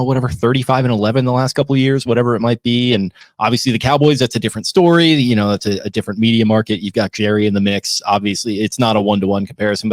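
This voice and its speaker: A man's voice: medium pitch, no room sound, clean studio sound. A man co-hosting a sports podcast in casual chat, hesitant and full of fillers. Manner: hesitant, filler-heavy, laid-back. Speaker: podcast co-host.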